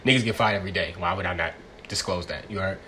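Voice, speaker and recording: A man's voice: deep voice, fast, sharp tone, a little hiss or hum. A young man hosting a casual solo podcast, talking in a profane, rambling, slang-heavy way. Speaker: podcast host.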